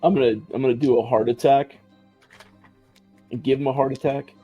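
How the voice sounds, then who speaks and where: A man playing a tabletop game, chatty and thinking out loud, laughing often. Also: medium pitch, fairly even intonation, fairly quick, husky, narrow, tinny audio, faint music behind. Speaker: player. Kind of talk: casual tabletop play.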